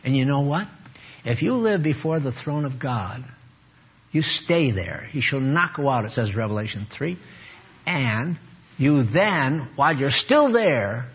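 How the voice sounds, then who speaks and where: A man preaching a sermon to a small group, animated and teasing, calling on listeners by name. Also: medium pitch, slightly rough. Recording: muffled lo-fi recording.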